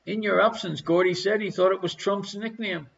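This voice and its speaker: A man's voice: sits high, steady tone, moderate pace, gravelly, dull audio. An Irish man hosting a live online quiz from his living room, reading questions and answers with a jokey, chatty manner. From Ireland. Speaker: quiz show host.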